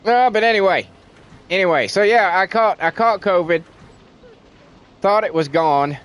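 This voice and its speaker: A man's voice: high-pitched, animated, a little slow, fairly bright tone, smooth, rough recording. A man from Tennessee with a thick Southern accent, venting in casual, rambling livestream chat and swearing freely. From Tennessee, USA.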